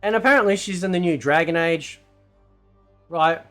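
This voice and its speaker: A man's voice: fairly high pitch, moderate pace, a bit bright, faint music behind. A man hosting a ranting commentary video, loose and combative, who keeps asking "right?". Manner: loose, rambling delivery with fillers and swearing. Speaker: commentary channel host.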